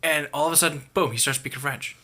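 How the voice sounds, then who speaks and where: A man's voice: fairly high pitch, steady tone, fast talker, pushed and bright. A man in casual podcast chat, retelling a story with enthusiasm.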